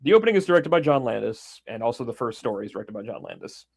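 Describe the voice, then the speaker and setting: A man's voice: mid-range voice, rapid-fire, gravelly, slightly rough. A man co-hosting a casual podcast, retelling a film scene by scene with lots of swearing and little acted-out bits. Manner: animated storyteller, swears freely, acts out scenes. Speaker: podcast co-host.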